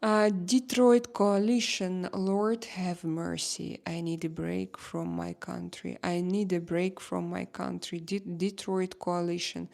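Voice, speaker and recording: A woman with a Russian accent hosting a casual livestream chat, reading out viewer comments in a halting way with many fillers and restarts. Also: fairly low pitch, flat delivery, gravelly, darkish tone. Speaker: livestream host.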